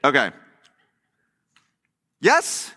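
Extremely slow and trailed by a long reverb tail, a man's sermon unfolds in a church sanctuary. As pastor, he tells stories animatedly and acts out the quotes.

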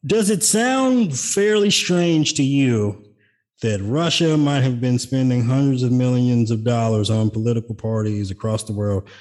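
A man's voice: medium pitch, a little slow, darkish tone. Sarcastic man hosting a podcast. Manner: wry, sarcastic asides. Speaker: podcast host. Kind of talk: casual political chat.

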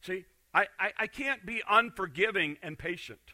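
A middle-aged pastor delivers a sermon at normal speed in a very bright, forceful voice pitched slightly high. He shifts between loud emphasis and quiet intensity, frequently restarting his words.

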